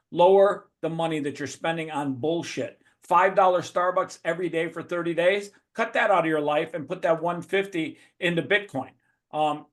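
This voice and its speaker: A man giving a blunt, profane motivational talk as a guest speaker over a video call. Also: fairly high pitch.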